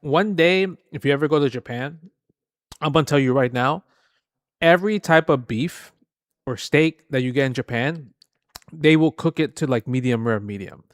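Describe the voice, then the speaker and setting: A man's voice: medium pitch, normal speed, no room sound, clean studio sound. A man casually chatting while reacting to a video, loose and full of fillers.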